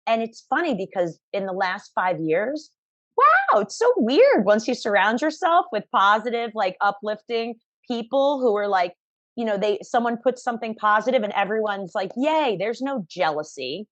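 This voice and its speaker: A woman fitness instructor as an interview guest, talking in an energetic, emphatic, upbeat way over a remote call. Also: on the high side, moderate pace, no echo. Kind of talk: conversational interview.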